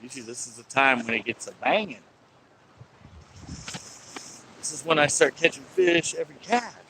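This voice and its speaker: A man's voice: mid-range voice, expressive, moderate pace, bright, forceful tone, a little hiss or hum, poor audio. A man chatting casually to viewers of his live stream while fishing outdoors on a pier, laughing and talking back at sea lions. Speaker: angler livestreaming from a pier.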